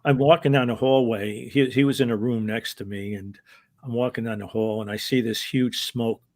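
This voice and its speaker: A man's voice: mid-range voice, fairly even intonation, normal speed, a little mellow. Rambling, chuckling male storyteller. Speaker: former wrestling referee, guest. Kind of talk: casual anecdotal storytelling.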